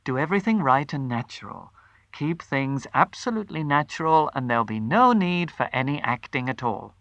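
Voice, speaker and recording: A storyteller voicing an adult housewife who keeps up a bright, cheerful manner. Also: mid-range voice, lively intonation, moderate pace, no echo, dull audio. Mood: quiet resolve. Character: anxious housewife, outwardly cheerful, adult woman.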